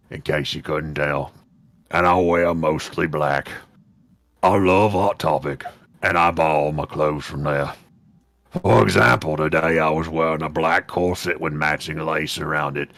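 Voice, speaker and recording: A man voicing a gruff orc reading a goth teen girl's story aloud as a comic dramatic reading. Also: extremely low pitch, fairly bright tone, no echo, studio quality, voice pushed down, heavily acted.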